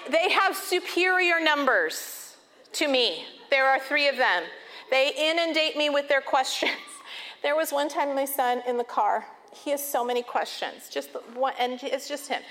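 A woman in her thirties telling funny personal stories in an animated way, laughing often and acting out voices. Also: on the high side. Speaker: speaker talking about overwhelm. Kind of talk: personal storytelling talk.

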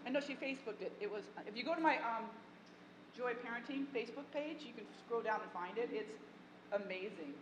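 A woman leading a parenting workshop for an audience, talking in a warm, encouraging way with playful asides. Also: a little high, brisk. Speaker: parenting class teacher. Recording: echoey hall, faint ambient noise.

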